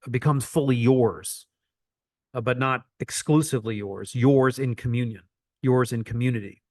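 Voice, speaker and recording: A man's voice: medium pitch, moderate pace, a little mellow, dry recording, clean studio sound. A man coaching an online teaching session, repeating phrases for emphasis as he explains.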